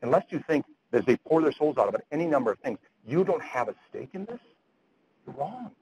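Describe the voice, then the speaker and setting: A man's voice: on the high side, expressive, fairly quick, darkish tone, dull audio, slight background noise. A man lecturing physicians at grand rounds, retelling a story earnestly and often repeating words as he goes.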